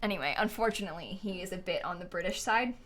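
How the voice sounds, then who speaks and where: A woman's voice: on the low side, lively intonation, fast, a bit bright. A woman from the United States live-streaming a game, chatting casually and rambling, often laughing and answering her chat.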